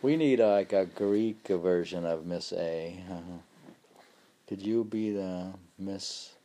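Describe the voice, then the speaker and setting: A man's voice: deep voice, slow pace, mellow. A man reading a philosophy text aloud and chatting, stumbling over Greek names. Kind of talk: reading aloud and casual chat.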